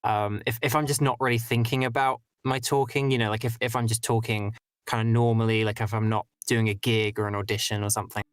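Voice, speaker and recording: British male streamer, casual rambling chat, medium pitch, dry mic. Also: level tone, quick pace, no room sound. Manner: rambling, many fillers and restarts. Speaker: streamer host.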